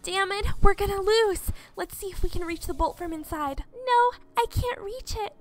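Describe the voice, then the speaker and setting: A woman reading a frightened, earnest young game heroine in a high, breathless, anxious way. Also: normal speed.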